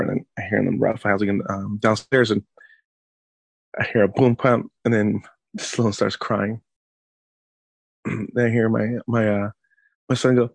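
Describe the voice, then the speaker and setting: A man in his thirties, a podcast co-host, telling animated stories about his kids in casual chat. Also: on the low side, creaky, husky, no echo. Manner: animated storyteller acting out his kids' voices.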